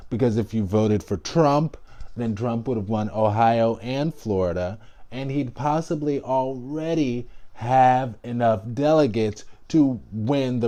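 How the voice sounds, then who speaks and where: Animated man ranting on a vlog. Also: mid-range voice. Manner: animated and emphatic, with frequent restarts and asides. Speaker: vlogger. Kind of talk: casual political commentary vlog.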